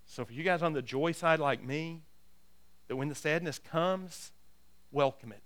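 A man preaching a sermon as a pastor. His voice sits a little high and rings smooth and clear. He restarts phrases with repeated words, builds to forceful urging, then softens into a hushed prayer. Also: a little slow. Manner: builds to loud emphatic exhortation, then quiet prayer.

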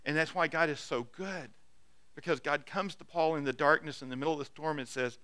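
A man preaching an earnest sermon, swinging from loud urging to soft, intimate asides. His voice is bright and forceful, pitched a little above average. The sound is dry and close. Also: a little fast, no echo. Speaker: pastor.

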